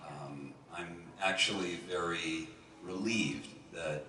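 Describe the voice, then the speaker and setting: A man guest at a home party giving brief, measured advice with thoughtful pauses. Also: sits low, sharp tone. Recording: roomy, distant, faint noise.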